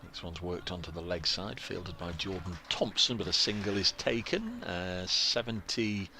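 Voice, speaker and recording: An English man calls the cricket ball by ball in a chatty, self-mocking way. His voice sits slightly low. A soft murmur of crowd and outdoor ambience stays faint behind him in the commentary box. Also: animated, normal speed, gravelly, slight background noise. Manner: chatty, self-deprecating, reads out viewer messages.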